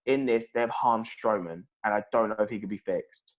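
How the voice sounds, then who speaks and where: A man's voice: lowish voice, normal speed. Ranting man on a dull lo-fi mic. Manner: ranting, profane, exasperated. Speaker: podcast co-host. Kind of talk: casual review chat. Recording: slightly dull lo-fi audio.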